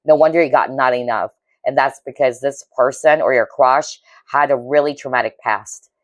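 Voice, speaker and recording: A woman's voice: a bass voice, moderate pace, no echo. A woman giving a pick-a-card tarot reading, talking earnestly and empathically to her viewers and often checking in with "okay?". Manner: earnest, intuitive, frequent "okay?" check-ins; emotionally moved, empathic. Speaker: tarot reader.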